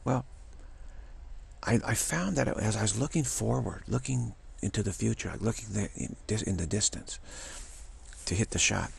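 A man giving a casual spiritual talk to camera, rambling and repeating himself with halting restarts. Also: fairly low pitch, vocal fry, breathy edge. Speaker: spiritual vlogger.

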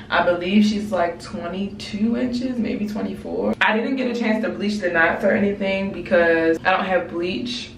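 A woman's voice: on the low side, echoey room, distant mic. Chatty young woman with a stuffy nose. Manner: chatty, candid, self-mocking. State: stuffy nose, slightly hoarse. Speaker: beauty vlogger. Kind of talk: casual hair tutorial vlog.

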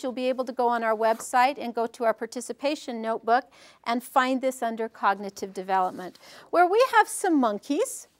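Woman, workshop presenter; lively storyteller, high voice, dry close recording. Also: no room sound. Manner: animated storytelling, asks the audience questions. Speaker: early-learning workshop presenter. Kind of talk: teaching a parent workshop.

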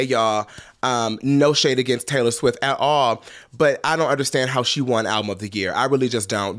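Congested, sassy male pop culture commentator. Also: mid-range voice. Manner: chatty and sassy, calling listeners girl and honey. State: congested from blocked sinuses.

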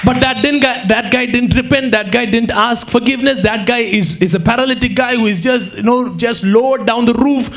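A man preaching a sermon with an Indian English accent, animated, acting out quotes and breaking into sudden shouts. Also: extremely high pitch, a little fast, hardly any pauses, slight background noise. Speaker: pastor. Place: church hall.

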